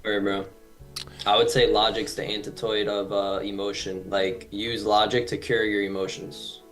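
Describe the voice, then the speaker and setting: A man's voice: on the low side, level tone, normal speed, fairly bright tone, soft background music. A man co-hosting a trading stream who explains things step by step with examples, often adding "right". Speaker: trading livestream co-host. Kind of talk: casual livestream chat.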